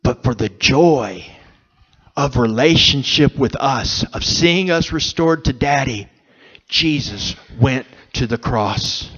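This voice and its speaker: Slow, earnest male preacher. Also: mid-range voice, animated, a bit bright, breathy edge, muffled recording. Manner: slow, earnest, pausing between phrases. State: emotional, choked up. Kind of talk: sermon. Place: church sanctuary.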